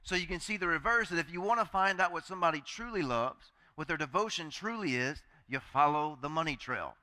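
A man's voice: fairly high pitch, expressive, brisk, sharp tone. A male pastor preaching a sermon in a chatty, joking way, acting out the voices he quotes.

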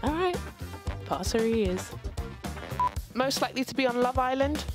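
A woman running a rapid question game with a team, her voice sitting mid-range but bouncing up and down a lot. she cheers and teases as she goes. music sits clearly behind her. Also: sits high, expressive. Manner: bubbly, quick questions with cheers. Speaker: interviewer. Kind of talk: upbeat team quiz segment.

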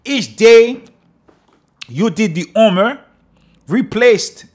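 A man with a notably high voice delivers a sermon. He reads prayer lines aloud and pauses to explain them in an emphatic teaching manner. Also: animated. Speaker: religious teacher.

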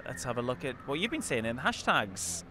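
A man hosts a post-match football show, running through results and fan messages in a relaxed tone. His voice sits at a middling pitch. Faint traffic noise sounds behind him outdoors. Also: fairly quick. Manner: easygoing, reads results and fan questions. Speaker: presenter.

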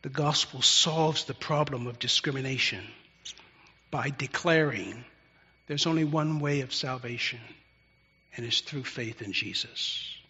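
A man preaching an expository sermon as pastor, deliberate and emphatic, stretching out key words. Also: mid-range voice, sharp tone, breathy edge. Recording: dull lo-fi sound with long hall reverb.

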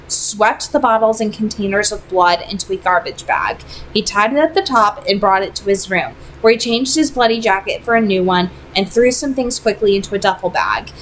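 A woman reading a novel aloud in measured narration that slows on emotional passages. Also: mid-range voice, slight background noise, rough recording.

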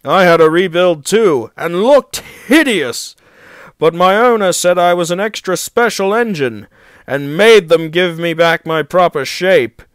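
A man's voice: sits high, animated, unhurried, clean tone, dry recording, voice pushed up. A man voicing a famous, cheerful male express engine who talks in a breezy, confiding way.

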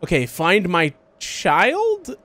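A man hosting a horror game let's play, giving confused running commentary and bursting into excited yelps and laughter. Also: high-pitched, very slow. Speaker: gaming video host.

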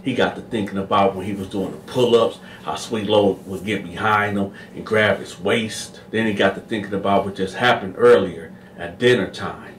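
A man's voice: fairly low pitch, fairly even intonation, normal speed, few pauses, a bit bright, distant mic, slight background noise. A man telling a prison story in a casual, slangy way, talking to his listeners directly. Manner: slangy, addresses listeners as y'all. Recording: echoey room, away from the mic.

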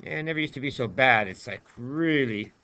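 A man's voice: mid-range voice, expressive, a little fast, sharp tone, muffled recording. A male math teacher talking through a screen-recorded lesson in a chatty, playful way, chatting to himself as he writes.

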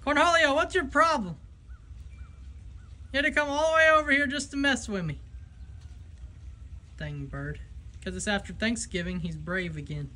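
A man's voice: sits high, lively intonation, normal speed, pauses often, sharp tone. A man vlogging outdoors on his homestead, joking, laughing and exasperated as he talks to his animals. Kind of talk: casual vlog narration to camera. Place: outdoors on a homestead, in and around a chicken coop.

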